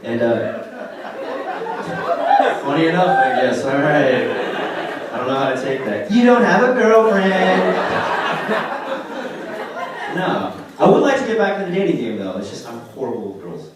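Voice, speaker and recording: A man's voice: mid-range voice, moderate pace, long pauses. Young man doing stand-up in an echoey club. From Oregon, USA. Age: 20s. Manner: casual, lively storytelling with put-on quoted voices. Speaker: stand-up comedian. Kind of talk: stand-up comedy set. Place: comedy club stage. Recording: echoey club from far off, loud crowd. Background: audience laughter.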